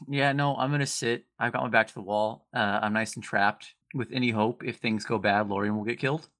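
A man plays a tabletop game with the game master, joking wryly as he goes. His voice sits a little low. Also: steady tone, fairly quick, a bit bright. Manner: joking, wry. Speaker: player.

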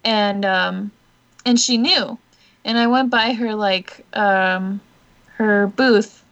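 A young woman in casual podcast chat tells stories slowly and unhurriedly, her voice sitting a little high. She gushes and giggles often, trailing off into fillers and restarts. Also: fairly even intonation, lo-fi sound. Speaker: podcast co-host.

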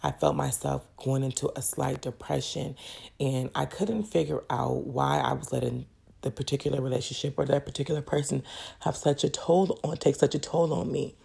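Woman vlogger, heartfelt testimony, dark gravelly voice. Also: a bass voice, fairly even intonation, normal speed. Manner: earnest, emotional, addresses viewers directly. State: tearful at times. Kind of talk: personal faith testimony.

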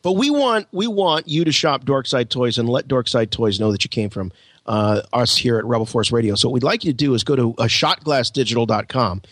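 A man's voice: mid-range voice, expressive, fairly quick, a bit bright, no room sound. A man co-hosting a podcast in an easygoing, chatty casual chat. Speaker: podcast co-host.

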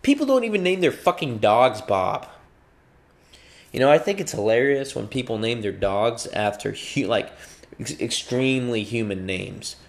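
Casting: man, mid-pitched, very lively intonation, profane comic rant. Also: normal speed, creaky, slight background noise. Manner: profane, animated, acts out voices mid-rant. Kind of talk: comedic rant.

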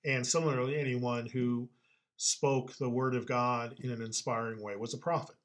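A man explaining scripture in a casual Bible-study chat, patient and explanatory, quick to laugh. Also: medium pitch, level tone.

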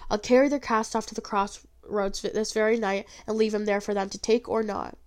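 A woman voicing a worried, hot-tempered farmer father in a storybook reading, gruff and blustering. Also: medium pitch, steady tone, brisk, close to an everyday voice. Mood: troubled.

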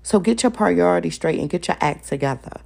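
A woman's voice: on the low side, lively intonation, brisk, creaky, darkish tone. A young adult woman hosting a solo podcast, ranting in a profane, confrontational way and repeating lines for emphasis. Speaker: podcast host.

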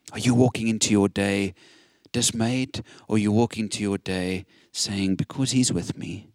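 A man's voice: fairly low pitch, darkish tone, no echo. A man preaching a sermon, earnest and encouraging, quoting scripture with emphasis.

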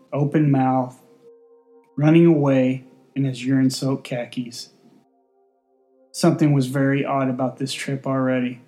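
Deadpan male storyteller, mellow voice. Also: medium pitch. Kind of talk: storybook narration.

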